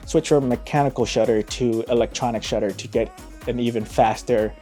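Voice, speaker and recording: A man giving a casual, upbeat vlog review of a camera lens, talking in an excitable, slangy way. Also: mid-range voice, fairly quick, soft background music.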